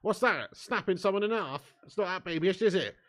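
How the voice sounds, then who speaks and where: A young man hosting a live football watch-along, bantering with his chat and swearing freely, getting loud when a chance comes. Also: sits high, lively intonation, brisk.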